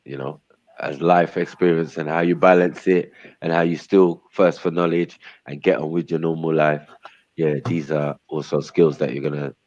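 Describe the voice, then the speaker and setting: A man's voice: a bass voice, darkish tone, dry recording, highs cut off. A man hosting a livestream, talking in a laid-back, slangy drawl. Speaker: livestream host. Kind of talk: casual chat.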